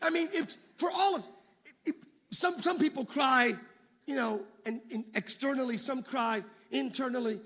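A man preaching a sermon as pastor, swinging between shouted exhortation and hushed asides. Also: very high voice, moderate pace.

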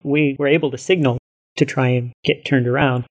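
A male college instructor calmly explaining the course he co-teaches, in a measured conversational way. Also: mid-range voice. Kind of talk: casual conversation.

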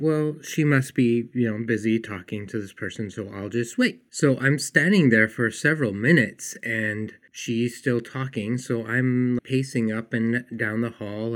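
A man's voice: medium pitch, a bit bright. A man hosting a self-help podcast, telling a personal story and acting out the people in it, then explaining an idea to his listeners. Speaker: podcast host.

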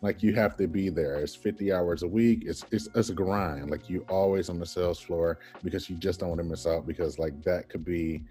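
A man in his thirties, a podcast guest telling an animated personal story and acting out the people in it. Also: deep voice, a little fast, hardly any pauses, soft background music. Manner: animated storyteller, acts out quoted voices, laughs often.

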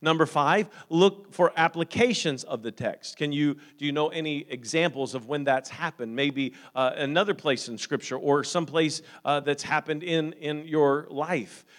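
A man preaching a sermon as pastor, growing loud and emphatic at times, then calm and practical with plain fillers and repeats. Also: on the high side, moderate pace, hardly any pauses. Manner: frequent fillers and repeated words.

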